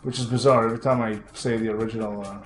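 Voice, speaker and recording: A man chatting casually while playing a game, rambling excitedly, laughing often and swearing casually. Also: on the low side, racing, soft background music. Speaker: co-host of a retro gaming show. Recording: echoey room with faint background noise.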